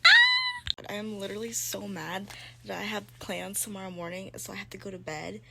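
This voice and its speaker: A young woman chatting casually in a reading vlog, excitable and gushing, with lots of "like". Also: medium pitch, a little fast, creaky, slight background noise. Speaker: book vlogger.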